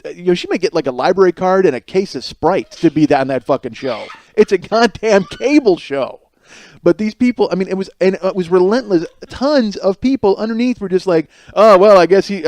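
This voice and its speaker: A fairly high-pitched, slightly mellow male voice, recorded with no echo, runs a solo comedic podcast monologue. The host, in his forties, rambles, swears freely and turns the jokes on himself.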